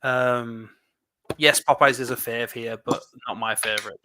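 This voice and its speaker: A man's voice: medium pitch, steady tone, bright, forceful tone, a little hiss or hum. A man from England with an English accent, chatting and rambling casually while building LEGO on a livestream. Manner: chatty, rambling, quick laughs. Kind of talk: casual chat.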